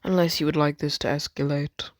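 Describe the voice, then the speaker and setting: A man doing a posh, calm warrior hero. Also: fairly high pitch, no room sound, studio quality, lightly acted. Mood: calm threat. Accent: posh English. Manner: calm, measured, politely threatening.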